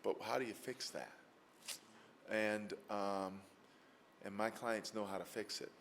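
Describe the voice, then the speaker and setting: Folksy lawyer with a low voice. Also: male voice, fairly even intonation, takes it slowly, a bit bright, a little hiss or hum. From Mississippi. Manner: folksy, anecdotal, frequent fillers. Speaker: lecturer, environmental lawyer. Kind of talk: storytelling lecture answer. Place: lecture hall with audience.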